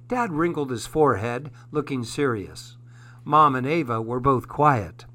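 A man hosting a program, reading a children's story aloud in a gentle, measured way. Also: medium pitch, expressive.

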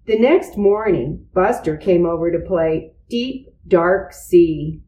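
A woman slowly reading a children's storybook aloud. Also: on the low side, reverberant, dull audio. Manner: slow, deliberate. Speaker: reader.

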